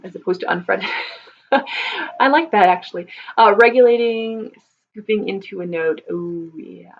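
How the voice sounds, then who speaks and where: Woman vocal coach, mid-pitched, patient and thoughtful explainer, live Q&A, slightly muffled lo-fi audio. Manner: thoughtful, many ums and restarts, explains patiently. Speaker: voice teacher answering viewer questions. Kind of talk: live Q&A teaching. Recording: slightly dull lo-fi sound.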